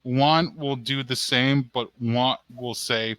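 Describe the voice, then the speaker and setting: A man playing a tabletop game, speaking very slowly in a bright, dry voice. He thinks aloud before stating what his character does. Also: mid-range voice, fairly even intonation, no room sound, faint music behind. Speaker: player. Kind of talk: casual chat.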